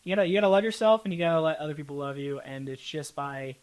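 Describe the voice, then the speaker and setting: A young man with an American accent, a content creator chatting as an interview guest, telling stories in an animated way and acting out what people said to him. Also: fairly high pitch, fast talker, clear, resonant tone. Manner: animated storytelling, acts out quoted people. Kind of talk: casual interview chat.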